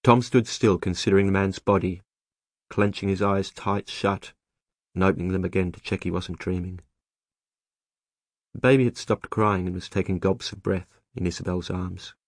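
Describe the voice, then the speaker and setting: A man narrating an audiobook in a measured, even storytelling manner, close to the mic. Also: deep voice, dry recording. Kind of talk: scripted narration.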